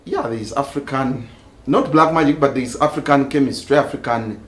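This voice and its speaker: Halting man in echoey studio. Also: medium pitch, fairly bright tone. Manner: halting, mixes English and Luganda, restarts often. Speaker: talk show host. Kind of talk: casual entertainment chat.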